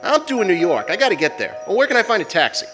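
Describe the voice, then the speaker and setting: A man's voice: sits high, sing-song, racing, music in the background. An actor playing a cocky young prize fighter who talks in tough-guy slang, in 1940s radio acting. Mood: indignant.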